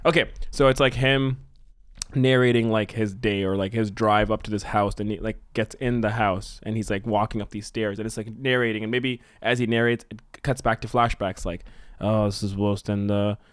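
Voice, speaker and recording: A man's voice: lowish voice, fairly even intonation, brisk, smooth, no echo, studio quality. A man co-hosting a podcast who talks in a rambling, sweary way while brainstorming a story idea, laughing often. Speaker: podcast co-host. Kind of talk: casual brainstorming chat.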